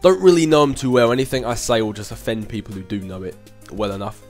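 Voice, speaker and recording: A man's voice: medium pitch, fast, a little mellow, soft background music. Chatty young guy answering questions. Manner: chatty, rambling, laughs often, with filler hums. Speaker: YouTube channel host answering viewer questions. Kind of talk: casual Q&A chat.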